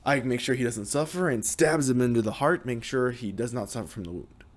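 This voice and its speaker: A young man casually narrating the story of a video game, with restarts and a lively manner. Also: medium pitch, fairly quick. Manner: lively, hesitant retelling with restarts.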